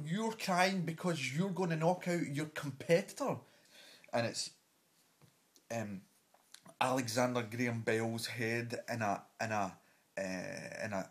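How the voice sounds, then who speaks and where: A man on a comic rant, exasperated and sweary. His voice sits a bit high, and he trips over his words as he rails on. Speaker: vlogger.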